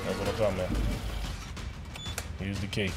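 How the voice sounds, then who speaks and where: A man giving excited, slangy commentary while he plays a video game and talks back to it. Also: sits low, normal speed, loud music behind the voice. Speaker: gaming streamer.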